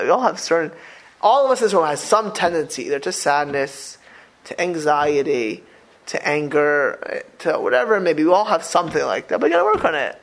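A man speaks as a rabbi teaching a Torah class to a room of listeners. His voice sits high and swings widely up and down as he fires off rhetorical questions. He stumbles and restarts often. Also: vocal fry, fairly bright tone, rough recording. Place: room with a live audience.

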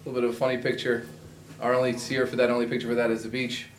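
A man's voice: mid-range voice, completely flat delivery, racing, slight background noise. A man teaching a Talmud class, mixing Aramaic and Hebrew phrases into his English explanations.

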